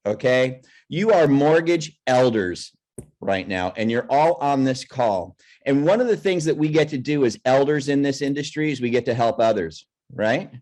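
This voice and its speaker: A man's voice: mid-range voice, darkish tone. Guy running a coaching zoom call, hypes people up, repeats himself a lot. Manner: repeats and restarts phrases, pep-talk manner. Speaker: host of a mortgage coaching call. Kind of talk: animated coaching on a video call. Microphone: video call.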